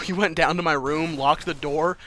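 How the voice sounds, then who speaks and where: A man's voice: a little high, fairly even intonation, moderate pace, bright, forceful tone. A man casually telling a personal story to camera, chatty and loose, swearing freely and laughing between lines.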